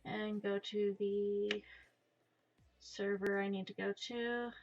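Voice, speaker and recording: A woman's voice: mid-range voice, little pitch movement, slow pace, darkish tone, soft background music. A young woman streaming from home, chatting casually in a rambling, self-deprecating way and swearing offhand. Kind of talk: casual live-stream chat while drawing. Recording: dull lo-fi stream mic.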